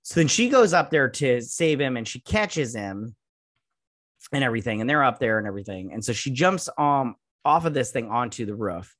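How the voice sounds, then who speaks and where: A man's voice: mid-range voice, expressive, moderate pace, a bit bright, no room sound, studio quality. A man casually recapping and reviewing a TV episode, rambling with lots of fillers and sarcastic asides. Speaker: show reviewer.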